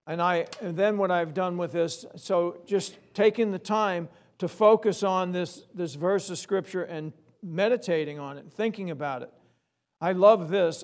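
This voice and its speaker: A middle-aged man from Long Island giving a sermon, reading scripture slowly and emphatically and reflecting in a personal way. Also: high voice. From Long Island, New York. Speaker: preacher.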